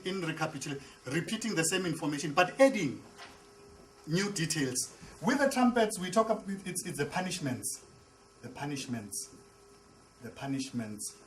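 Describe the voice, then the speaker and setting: A man's voice: on the high side, a bit bright, slight background noise, low-quality recording. A man, a pastor, teaching a Bible class. He repeats and restarts words and asks the class questions. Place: classroom with a board.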